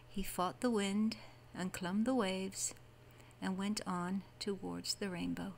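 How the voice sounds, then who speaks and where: A woman narrating a fairy tale audiobook as a bedtime story, with soft, even delivery. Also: mid-range voice, gravelly, a little hiss or hum, rough recording.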